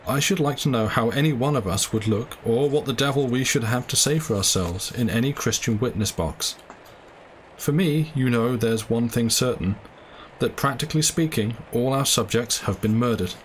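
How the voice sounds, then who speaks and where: A man's voice: medium pitch, moderate pace, a little hiss or hum, natural voice. A man reading the part of a cynical, cool-headed young doctor who speaks in a sneering, offhand way.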